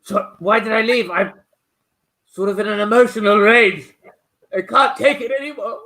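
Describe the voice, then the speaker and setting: A man's voice: sits high, moderate pace, sharp tone. A man voicing a hyper-intelligent two-year-old boy who whines melodramatically in an improvised comedy scene. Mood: melodramatic. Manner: whiny, melodramatic.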